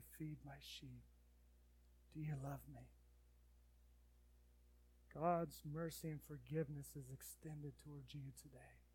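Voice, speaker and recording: Fervent preacher man, loud then hushed. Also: on the high side, slightly rough. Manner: swings from loud urgent preaching to hushed pleading. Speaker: pastor. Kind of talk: sermon and closing prayer.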